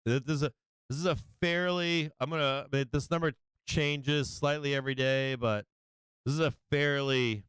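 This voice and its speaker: A man giving casual live trading commentary, excitable and profane, often repeating himself. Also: mid-range voice, moderate pace, smooth, no room sound, rough recording. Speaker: livestream market commentator.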